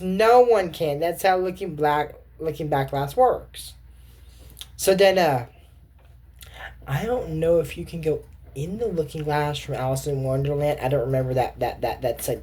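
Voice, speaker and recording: A woman with a low, mellow, husky voice and a moderate pace casually recaps and comments on a cartoon episode as a show commentator. She rambles and corrects herself while thinking aloud.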